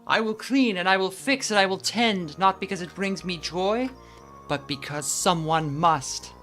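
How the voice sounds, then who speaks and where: A woman's voice: low voice, moderate pace, fairly bright tone, faint music behind. A woman voicing a burly, grandiose male janitor who treats cleaning as a holy duty, reading game dialogue aloud in a pompous, declaiming way. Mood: fervent.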